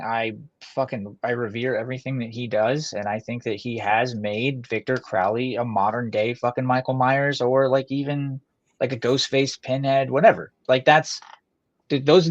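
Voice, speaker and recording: A man co-hosting a podcast, talking in a rambling, animated way with fast bursts and lots of swearing. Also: medium pitch, no room sound. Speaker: podcast co-host. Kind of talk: casual chat with heavy swearing. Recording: dull lo-fi dry sound.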